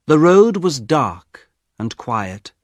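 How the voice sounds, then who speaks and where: A man narrating a graded-reader audiobook in slow, dramatic storytelling. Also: fairly high pitch, very animated, no room sound, clean studio sound.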